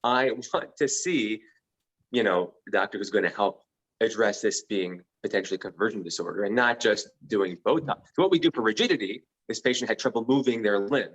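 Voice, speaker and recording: A man's voice: on the low side, fairly bright tone, lo-fi sound. Doctor guy on a podcast, earnest and upbeat, explaining stuff to the hosts. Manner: earnest and enthusiastic, with quick asides. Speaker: physician guest. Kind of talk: conversational interview.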